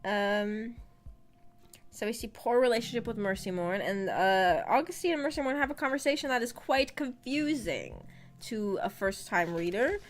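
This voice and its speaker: A woman's voice: fairly high pitch, animated, moderate pace, soft background music. A woman streaming a casual book discussion, chatty and often giggling as she reads chat aloud.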